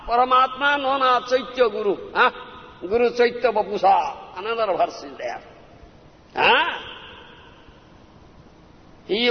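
A man, a spiritual teacher giving a devotional discourse, who keeps prompting his listeners with "Huh?" and "Understand?". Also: very high-pitched. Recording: lo-fi recording in a reverberant hall.

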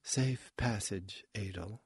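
A tiny, severe, pious woman of no clear age, as a male narrator puts her on. She speaks hushed and grave, in short, clipped phrases. The sound is dry and close. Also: fairly low pitch, takes it slowly, no room sound, heavily acted.

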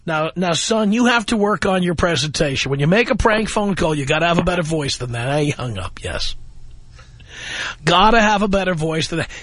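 A man's voice: high voice, lively intonation, fairly quick, a bit bright, no echo. A man hosting a call-in radio show, talking in a wry, mocking, lecturing way into a close studio mic. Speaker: radio talk show host.

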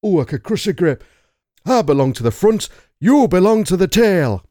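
A man's voice: high voice, big pitch swings, normal speed, warm tone, dry recording, studio quality, pitched above the performer's own voice. A man voicing a haughty, prim northern English woman official with a northern English accent, in a podcast bit.

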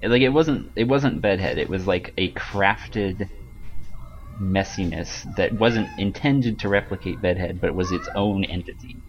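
Gravelly low young man, dull lo-fi sound. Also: lively intonation, measured pace. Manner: wry, slightly awkward. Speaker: podcast co-host. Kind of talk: casual chat.

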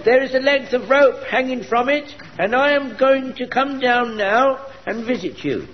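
A flustered, rambling old corporal, very high voice; echoey, dull old radio recording. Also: male voice, animated, measured pace. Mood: eager. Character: eager fussy old male corporal. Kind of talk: 1970s radio sitcom acting.

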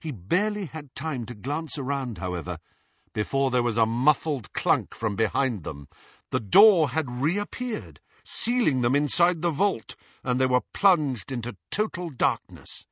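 A man's voice: mid-range voice, very animated, measured pace, a bit bright, breathy edge, no echo, lo-fi sound. A man narrating an audiobook expressively, switching voices for each character. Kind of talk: scripted narration.

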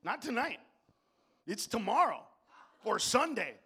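A middle-aged man performing stand-up with a high, bright-edged voice. He curses freely and swings from quiet muttering to loud shouted punchlines. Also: sing-song, a little slow, husky. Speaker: stand-up comedian. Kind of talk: stand-up comedy.

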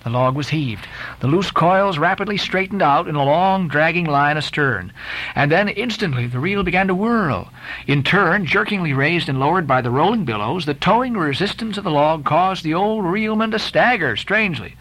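Expressive man reading a classic. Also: fairly high pitch, moderate pace, poor audio. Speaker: narrator. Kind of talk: dramatic reading of a classic novel.

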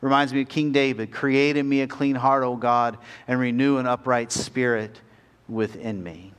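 A man preaching a sermon as a pastor, earnest, climbing to pleading peaks and then dropping soft and slow. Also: medium pitch, fairly even intonation, smooth.

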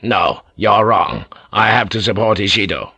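A proud samurai lord speaks in a commanding, hot-tempered way, as a narrator puts him on. The voice sits a bit high and loud. The sound is dry and close. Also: male voice, lively intonation, slightly rough, no echo, full character voice. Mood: tense. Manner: commanding, quick to anger. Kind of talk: audiobook character reading.

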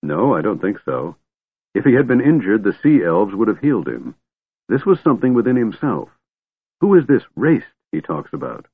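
A gentle, calm middle-aged mage in a storybook, played by a man, with a low, husky voice. He speaks kindly and evenly, his words coming through a dry, phone-like line. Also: normal speed, no room sound, full character voice. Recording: tinny phone-like dry sound.

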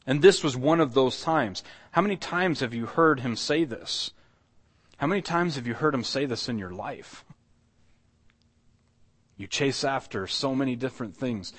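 A man's voice: medium pitch, lively intonation, moderate pace, fairly bright tone, husky. A man preaching a sermon as pastor, conversational and earnest, asking the congregation rhetorical questions. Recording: long hall reverb.

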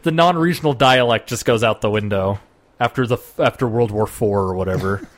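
A man's voice: on the low side, a little fast. Chatty laughing young man. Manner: chatty, laughs often, jumps into silly voices. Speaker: podcast co-host. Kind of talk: casual chat.

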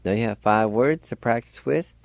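A medium-pitched man with vocal fry speaks at a normal pace in a dry recording, teaching language on the radio. His slow lesson has him patiently spelling and pronouncing words letter by letter.

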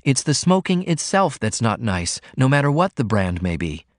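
A man reading an audiobook, voicing a refined young woman who gently scolds in a prim, coaxing manner. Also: medium pitch, very animated, moderate pace, dry recording, studio quality, voice pushed up, lightly acted. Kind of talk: audiobook character voice.

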